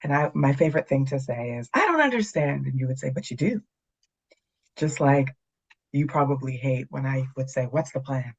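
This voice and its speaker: A woman's voice: very deep voice, flat delivery, a little fast, a little mellow, slightly rough, poor audio. Candid Canadian-raised woman, dry wit. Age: middle-aged. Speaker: guest. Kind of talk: casual conversation.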